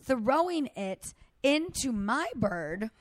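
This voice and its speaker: A woman in her thirties hosting a podcast, telling a story in a casual, animated way and acting out what people said. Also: fairly high pitch, slow, no echo. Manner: animated storytelling, acts out quotes. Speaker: podcast host. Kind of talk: casual chat.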